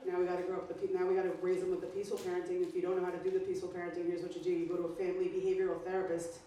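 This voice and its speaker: A woman's voice: fairly low pitch, racing, dark tone, a little hiss or hum. A woman comedian performing a stand-up set, with a brash, profane, punchy delivery. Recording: echoey club sound from far off.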